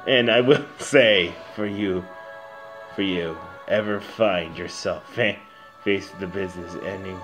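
A man putting on a grave, deep-voiced prince. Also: gravelly, poor audio. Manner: low, measured, solemn storytelling. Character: stern noble older-brother prince, grave.

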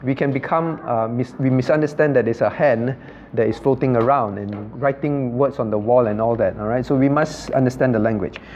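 A man's voice: fairly quick, a little mellow. A male pastor, teaching an interactive Bible class, repeating points and asking his listeners questions. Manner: repetitive, asks the class questions, loose non-native grammar. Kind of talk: interactive Bible study lecture. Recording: dull low-fidelity room recording with faint background noise.

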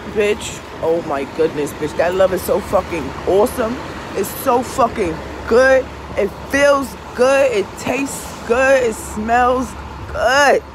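A woman's voice: fairly high pitch, background noise. Profane, emphatic woman chatting outdoors. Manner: profane, emphatic, keeps asking "you understand?". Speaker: tarot reader and vlogger. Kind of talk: casual confessional chat.

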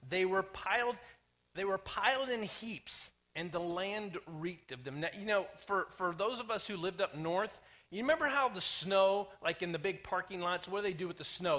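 A male pastor delivering a lively sermon, his voice sitting high and bright. He jokes with the congregation and slips into little acted voices for the characters he quotes. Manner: animated, acts out quoted characters, jokey asides. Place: church sanctuary.

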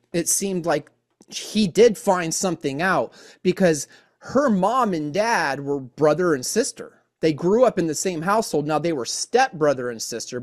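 Earnest man hosting a podcast. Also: fairly high pitch. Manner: earnest, repeats himself, says "man" a lot. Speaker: podcast host. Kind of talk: casual podcast chat.

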